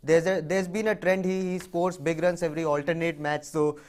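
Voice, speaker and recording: A man's voice: on the high side, level tone, normal speed. A man co-hosting a live fantasy cricket show in a studio, talking casually, with frequent fillers and repeated words. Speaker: cricket analyst co-host.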